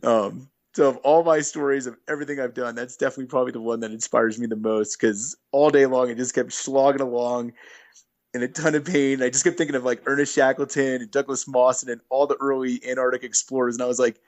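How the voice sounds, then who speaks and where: A man's voice: mid-range voice, steady tone, fast. Easygoing man telling hiking stories. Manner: easygoing, rambling, many fillers and restarts. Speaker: guest, long-distance hiker. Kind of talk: casual interview storytelling.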